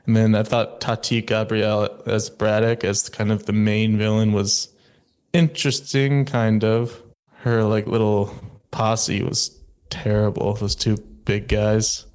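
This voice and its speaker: A man's voice: lowish voice, level tone, unhurried, a little mellow. A man co-hosting a casual movie review chat, blunt and critical in his verdicts. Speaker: podcast co-host.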